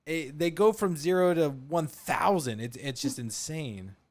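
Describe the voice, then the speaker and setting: Lively, excitable man in casual chat. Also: a little high, a little slow. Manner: excited, rambling, swears casually. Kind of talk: casual movie discussion.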